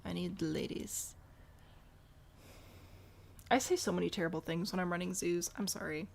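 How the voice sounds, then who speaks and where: A woman gives casual let's-play commentary on a zoo game and thinks aloud as she plans. Her voice has a gravelly fry to it. She talks back to the animals on screen. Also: fairly low pitch, fairly even intonation, moderate pace, slight background noise. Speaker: game streamer.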